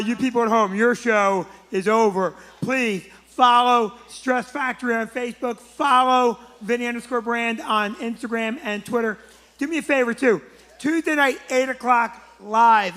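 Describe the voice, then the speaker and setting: A man hosting a live comedy show, loudly wrapping up the night and pitching plugs to the audience and viewers at home. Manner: loud, hyped announcer pitching plugs to the crowd. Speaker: club host. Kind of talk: live show emcee wrap-up. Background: band music and crowd.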